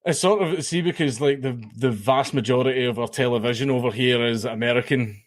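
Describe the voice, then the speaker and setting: A man's voice: medium pitch, brisk, no echo, clean studio sound. A Scottish man talking as a podcast guest in casual chat, animatedly acting out the people he mocks. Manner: animated, mocking storyteller who acts out quotes.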